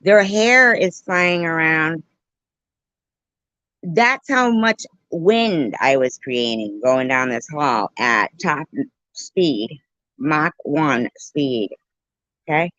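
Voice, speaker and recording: A woman livestreamer telling a story and joking with her viewers in an animated, playful way, on a dull, dry lo-fi recording. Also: low-pitched, dry recording. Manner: animated, jokey, slow and drawn out. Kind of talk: casual storytelling and chat.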